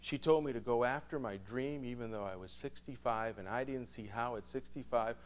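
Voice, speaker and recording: A man quoting a content 65-year-old former executive, speaking in a quiet, earnest and reflective manner within a sermon story. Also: mid-range voice, moderate pace, natural voice.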